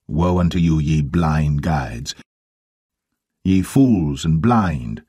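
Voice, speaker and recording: A man playing Jesus, denouncing religious leaders in archaic, thundering speech with a husky voice. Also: low-pitched, darkish tone, no room sound, studio quality. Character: Jesus, stern male preacher rebuking religious leaders.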